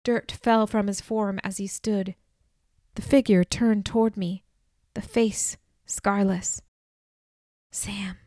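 A woman narrating a novel in the first person, telling it at a measured pace and lifting her voice for dialogue. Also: a little high, warm tone, no echo, studio quality. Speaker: audiobook narrator.

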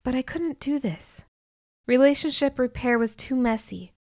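A woman's voice: sits high, moderate pace, darkish tone, no echo, clean studio sound. Earnest woman narrating a novel. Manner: emotional, earnest reading. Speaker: audiobook narrator. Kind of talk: first-person novel narration.

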